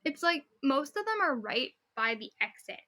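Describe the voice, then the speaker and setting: Female podcast co-host, higher pitch, crisp bright tone, emphatic casual reader. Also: sing-song, moderate pace. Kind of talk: casual chat, reading stories aloud.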